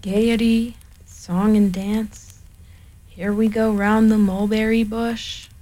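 A woman's voice: medium pitch, little pitch movement, slow, mellow, close to an everyday voice. A woman voicing a gloomy old gray male donkey in a storybook reading, with a mournful, self-pitying manner.

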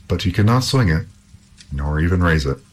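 A man reading an old folk tale aloud in an expressive storytelling manner. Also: low voice, moderate pace, low-quality recording.

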